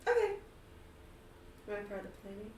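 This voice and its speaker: Giggly, animated woman game master. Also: mid-range voice, a little fast, slight background noise. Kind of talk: narrating a tabletop game. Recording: roomy, far from mic.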